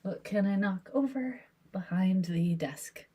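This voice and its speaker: A woman's voice: mid-range voice, slow pace, mellow, slightly rough. A woman voicing a mischievous house cat.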